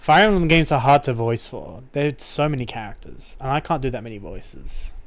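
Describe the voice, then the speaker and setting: A man's voice: mid-range voice, very animated, moderate pace. A man streaming a game and making self-deprecating, joking asides. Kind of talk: casual commentary on a game stream.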